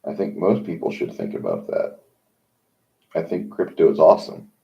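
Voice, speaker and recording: Deep-voiced man rambling on a stream. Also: sing-song, gravelly. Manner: rambling, opinionated, halting with fillers. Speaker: livestream host. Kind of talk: casual rambling monologue. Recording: dull lo-fi sound.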